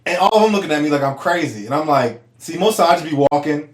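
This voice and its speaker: Young man, podcast co-host, lively storyteller, acts out quotes, echoey room. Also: racing. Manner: animated, acts out quotes with big pitch jumps, laughs often.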